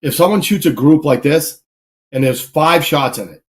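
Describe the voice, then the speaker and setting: A fairly high-voiced man chats casually. He tells his story with animated energy and slips into shouted calls and other people's voices as he goes. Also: normal speed. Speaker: podcast host.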